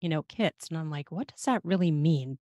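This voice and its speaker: A woman hosts a casual podcast chat, laughing often and jumping in to agree. Her pitch moves about a lot as she talks, and the sound is close and dry. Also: lively intonation, fairly quick, mellow, no echo. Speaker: podcast host.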